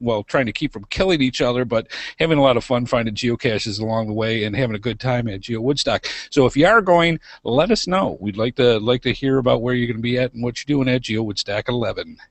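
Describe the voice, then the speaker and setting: A man's voice: mid-range voice, brisk, few pauses, no room sound. Man, podcast co-host, stuffy nasal voice, easygoing rambling chat, dry close sound. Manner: relaxed and rambling, with many fillers. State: congested, nasal.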